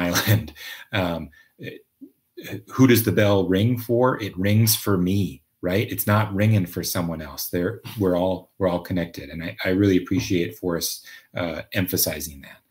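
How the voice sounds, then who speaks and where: A man's voice: low voice, a little mellow. A man from Minnesota, casually hosting a live stream, chatting and reading viewer comments with lots of fillers and restarts. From Minnesota, USA. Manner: rambling, many fillers and restarts. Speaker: livestream host.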